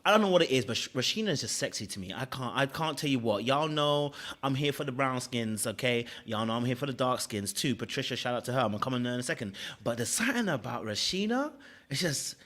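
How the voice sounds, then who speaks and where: A man casually reviewing a reality dating show, animated, laughing, and often checking in with "okay? all right?". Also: mid-range voice, fast talker.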